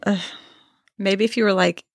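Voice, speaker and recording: A woman's voice: medium pitch, fairly even intonation, moderate pace, creaky, no room sound, clean studio sound. A woman chatting casually on a podcast, giggly and chatty.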